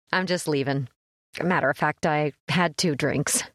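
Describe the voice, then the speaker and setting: An actress playing a jealous, fiery young woman who is a little tipsy and sharp-tongued, in a radio drama. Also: sits low, unhurried, no room sound, clean studio sound.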